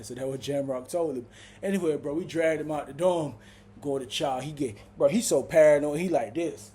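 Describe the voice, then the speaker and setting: A man casually telling a story to camera, slangy and animated, peppering his lines with "bro" and acting out what others said. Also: on the high side, brisk, a little hiss or hum. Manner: slangy, punctuates lines with "bro" and acts out quotes. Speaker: storyteller recounting prison life.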